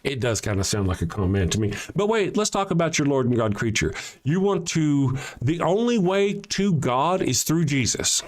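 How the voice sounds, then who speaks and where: Man, livestream host, heated commentary, sarcastic, profane, confrontational, halting restarts. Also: a little high, very animated. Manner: frequent restarts and trailing sentences.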